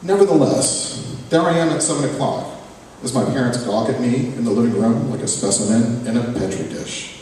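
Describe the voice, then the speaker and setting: A man reads his own fiction aloud in a sardonic, profane first-person voice with a dark, mellow tone. He is caught from a distance in a big echoey hall, with a faint murmur of room ambience behind him. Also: medium pitch, fairly quick, slight background noise. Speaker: author reading his fiction. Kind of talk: live fiction reading. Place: reading event venue, hall.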